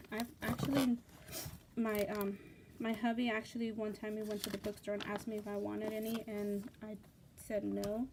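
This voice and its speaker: A woman hosting a casual craft unboxing vlog, gushing and excitable, with lots of fillers and repeated words. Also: medium pitch, normal speed, background noise. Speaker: craft channel host.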